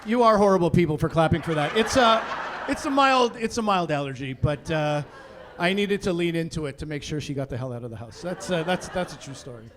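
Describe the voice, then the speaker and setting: A man in his forties performing a stand-up comedy set on a theatre stage, animated and exasperated, rising to shouts on his punchlines. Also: a little high, brisk, crowd noise, background noise. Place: theatre stage before a live audience.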